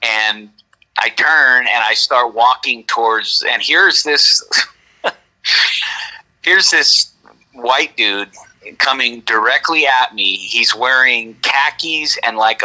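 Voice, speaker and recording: Telling his encounter story as an interview guest, the middle-aged man speaks casually, rambling, self-correcting and repeatedly adding "right?". His medium-pitched voice is slow, bright and forceful, and the audio quality is poor.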